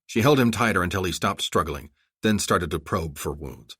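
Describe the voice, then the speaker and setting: A man narrating a thriller audiobook in a dramatic, measured way. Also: deep voice, lively intonation, a bit bright, husky, no room sound, clean studio sound. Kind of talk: scripted narration.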